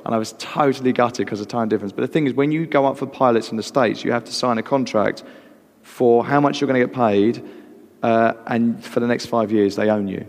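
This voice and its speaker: Gravelly British man telling stage stories. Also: mid-range voice. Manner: lively, animated, acts out other people's voices. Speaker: actor guest. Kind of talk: anecdotal storytelling on stage. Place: live event hall with audience. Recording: long hall reverb.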